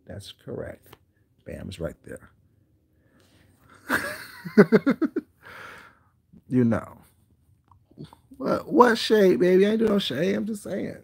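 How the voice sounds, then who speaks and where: A man's voice: high-pitched, wildly swooping pitch, slow pace, vocal fry, pauses often, a little mellow, breathy edge. A man hosting a livestream, chatting casually with his viewers in a rambling, repetitive way, often asking whether they know what he's saying. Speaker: livestream host.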